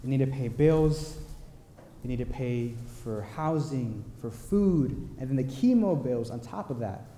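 A man preaching a sermon, telling a story in an earnest, unhurried way with pauses. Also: mid-range voice, expressive, mellow, a little hiss or hum. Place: large church sanctuary. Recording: echoey church hall with long reverb.

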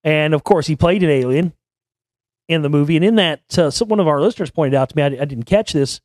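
A man's voice: a little high, quick pace, darkish tone, dry recording, studio quality. Rambling, blunt man in his forties. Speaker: show host. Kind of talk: casual monologue.

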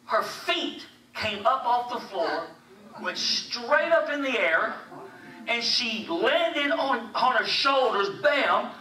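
A man preaching a sermon, telling a story in an animated way. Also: very high-pitched, takes it slowly. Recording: echoey hall, distant mic, faint hiss.

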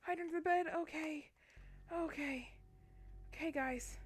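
A woman's voice: sits high, normal speed, long pauses. A woman streamer chatting to her viewers as she plays a game, jumpy and talkative. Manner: jumpy, chatty, talks to her chat while playing. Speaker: Twitch streamer. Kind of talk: live gameplay commentary.

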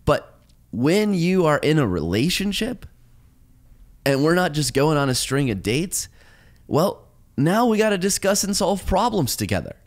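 A man hosting a podcast, telling personal stories and giving relationship advice in a casual conversation. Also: fairly high pitch. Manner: storytelling, advice-giving, animated. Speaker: podcast host.

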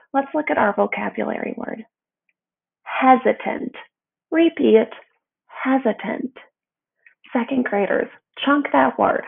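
A young woman teacher reads aloud to young children, going slowly and enunciating each word with care. Her voice is fairly high, and the recording has a thin, tinny quality like a phone line.

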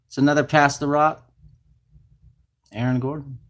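A man's voice: medium pitch, normal speed, pauses often. A man hosting a card break, calling out card names and numbers in chatty, casual talk, sounding flustered and distracted. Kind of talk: casual card-opening commentary.

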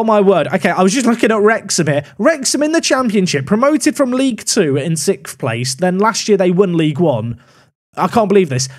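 A young man casually commenting on a management game as he plays, thinking aloud with wry asides. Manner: musing aloud, wry asides, animated pitch swings. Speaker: gaming YouTuber.

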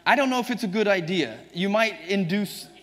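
Emphatic Southern preacher in a reverberant church. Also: male voice, sits high, animated, brisk, a bit bright. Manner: emphatic, joking with the congregation, chuckling often. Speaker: pastor. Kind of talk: sermon. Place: church sanctuary. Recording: church livestream, long reverb.

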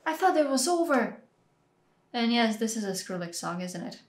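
High-voiced gushing woman reacting. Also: very animated, normal speed, over music. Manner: emotional, exclaims and gushes loudly. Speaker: reaction video host. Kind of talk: excited reaction commentary. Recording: echoey room with show audio behind.

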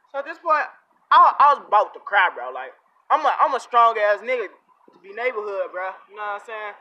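A young man vlogger telling a comic story in heavy slang, animated and full of repeated catchphrases. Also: high-pitched, brisk, dull audio, background noise.

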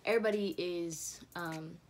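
A woman's voice: fairly low pitch, normal speed. A teenage girl telling a story to her camera in a casual, chatty way, filling her speech with "like" and laughing often. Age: teens. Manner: chatty, fills every phrase with "like", laughs often. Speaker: vlogger.

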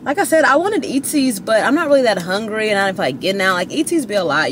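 A young woman chatting to camera from her parked car, rambling and giggly with dramatic high squeals. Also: animated, quick pace, hardly any pauses, background noise. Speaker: vlogger. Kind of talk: casual chat to camera.

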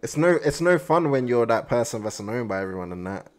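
A man hosting an anime reaction video, talking in an excitable, slangy way straight to his viewers. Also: mid-range voice, a little fast. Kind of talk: casual reaction commentary.

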